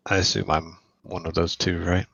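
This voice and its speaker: A man's voice: deep voice, level tone, normal speed, vocal fry, a bit bright, breathy edge, dry recording. A man playing a tabletop game, talking in a laid-back, laughing way over a dull lo-fi line. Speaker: player. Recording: dull lo-fi sound.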